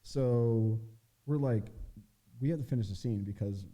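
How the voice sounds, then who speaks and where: A man's voice: medium pitch, a little slow, dark tone. A young man telling a story as a guest on a casual chat show, in a loose, laid-back way, full of fillers and swearing. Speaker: podcast guest, adult film performer.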